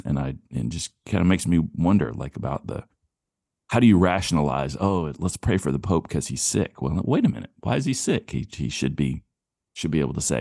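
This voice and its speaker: A man's voice: very deep voice, expressive, fairly quick, vocal fry, warm tone, breathy edge, no echo, clean studio sound. A man co-hosting a comedy podcast who riffs in a rambling, wry way with casual chat. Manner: rambling, wry riffing with many "you know"s. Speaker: podcast co-host.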